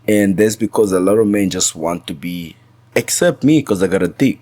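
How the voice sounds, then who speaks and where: A man's voice: deep voice, expressive, moderate pace, a little mellow, no room sound. A man talking as a podcast guest in a casual chat, earnest, often stammering and restarting his sentences.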